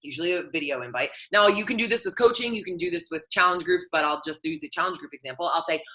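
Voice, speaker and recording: A woman's voice: fairly low pitch, fast, few pauses, sharp tone, poor audio. A woman fitness coach talking casually and candidly to her team, full of fillers and asides. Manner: chatty, filler-heavy, candid. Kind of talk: casual live coaching talk.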